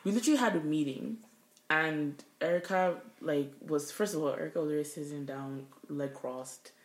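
A woman's voice: sits low, normal speed. A young woman co-hosting a podcast, telling a work story in casual chat, swearing freely as she vents. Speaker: podcast co-host. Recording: echoey room.

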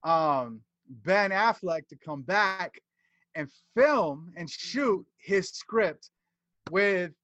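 Man, high voice, podcast co-host, rambling casual talk, dry close mic. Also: animated, drawn-out words, a bit bright, no room sound, highs cut off. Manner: rambling, hesitant, fillers while reading notes. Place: podcast studio in Atlanta.

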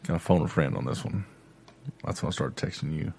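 A man's voice: very deep voice, a little fast, vocal fry, heavy background noise. A father telling a family story in casual conversation, with a dry storytelling manner. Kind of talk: casual chat.

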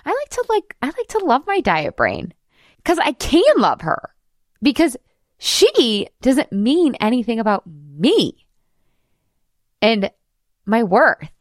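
A woman's voice: on the high side, wildly swooping pitch, slow pace, pauses often, no room sound, clean studio sound. A woman hosting a casual podcast monologue as a weight loss coach, chatty and giggly, casually swearing and saying "like" a lot.

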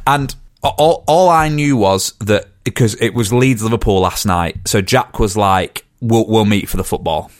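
A man's voice: fairly low pitch, normal speed, no room sound. Chatty man, dry sound. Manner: rambling, chatty storyteller. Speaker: podcast co-host. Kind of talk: casual chat.

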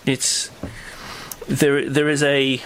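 A man's voice: mid-range voice, completely flat delivery, drawn-out words, fairly bright tone, slight background noise. A man co-hosting a local podcast, chatting casually and running through the news, rambling with lots of fillers and restarts. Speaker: podcast co-host. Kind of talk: casual chat and news rundown.

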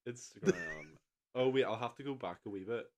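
A man's voice: medium pitch, brisk. A young man, co-hosting a casual podcast and telling stories with lots of laughter. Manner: animated, laughing storyteller. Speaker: podcast co-host. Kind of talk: casual chat. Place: indoor room with co-host.

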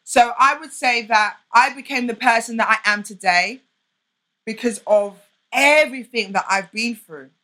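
Young woman guesting on a podcast, bright voice, talks open and emphatic. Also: on the high side, moderate pace. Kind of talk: candid conversational interview.

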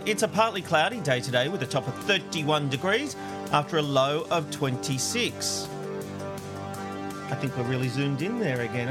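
A man co-hosting a casual chat show, reading listener comments aloud and joking and laughing often. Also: fairly high pitch. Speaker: co-host reading listener feedback.

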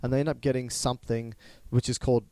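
A man's voice: medium pitch, level tone, fast talker, warm tone, no room sound. Man, playful, explanatory, podcast co-host, dry sound. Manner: jokey, playful teasing while explaining. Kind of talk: casual educational chat.

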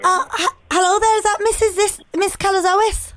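A woman's voice: very high-pitched, steady tone, a bit bright, no echo, pitched above the performer's own voice. A woman faking a Scouse hospital secretary. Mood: officious. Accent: put-on Liverpool. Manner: formal, measured phone politeness. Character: brisk female hospital secretary on the phone.

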